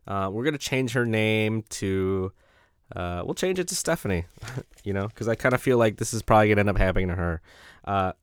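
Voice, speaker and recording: A man's voice: fairly low pitch, animated, a little fast, smooth, no echo, clean studio sound. A man hosting a casual solo podcast who talks in a rambling, profane way and laughs often. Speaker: podcast host.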